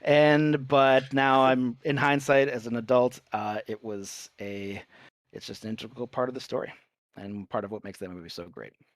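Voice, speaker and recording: A man's voice: medium pitch, steady tone, moderate pace, no room sound. A young adult man co-hosting a casual podcast chat, talking with rambling enthusiasm and casual swearing. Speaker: podcast co-host.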